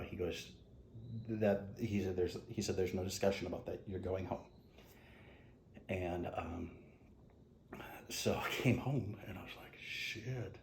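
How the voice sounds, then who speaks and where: A middle-aged man, a retired police officer, frankly recounting his experiences in an interview with halting restarts. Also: deep voice, vocal fry. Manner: halting, frank, drops soft quoted asides. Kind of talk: interview storytelling. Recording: echoey room with faint noise.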